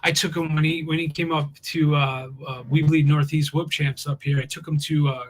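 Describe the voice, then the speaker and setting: A man chatting on a live stream, rambling and animated and acting out the people he quotes. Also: a little high, moderate pace, rough recording. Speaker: co-host. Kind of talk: casual live-stream chat.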